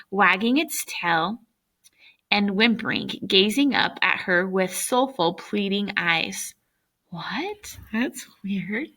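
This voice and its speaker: A woman reading a children's novel aloud, now and then breaking off to comment with amusement. Her voice is bright and forward, with a touch of vocal fry. The pitch sits in a middle range for a woman. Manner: breaks off to laugh and react. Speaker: reader.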